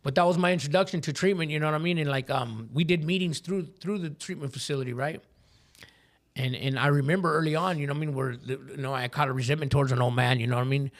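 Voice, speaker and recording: A man's voice: fairly high pitch, fast. A man who is a podcast guest telling his recovery story with candor. He talks in profane street slang and keeps asking "you know what I mean.".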